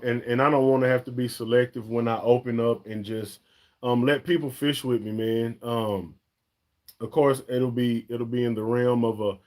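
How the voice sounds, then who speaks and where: A man, hosting a casual live-stream chat for a fishing channel, talking in a chatty, emphatic way and often calling viewers "y'all" and "man". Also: mid-range voice.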